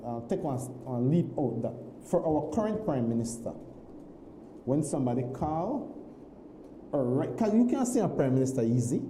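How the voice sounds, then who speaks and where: Man, very dark voice, echoey studio. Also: medium pitch, moderate pace, a little hiss or hum. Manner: animated, repeats himself, many restarts. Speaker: guest. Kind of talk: casual storytelling on a morning show.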